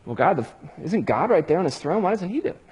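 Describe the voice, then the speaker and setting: A man preaching a sermon, building drama with hushed pauses and rising emphasis. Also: high-pitched, sing-song, husky, dull audio. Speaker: pastor.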